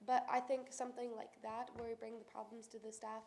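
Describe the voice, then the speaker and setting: Quick woman student, higher voice, says like a ton. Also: flat delivery, a little mellow, slight background noise. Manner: lots of "like" fillers. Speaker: student panelist. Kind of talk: meeting discussion.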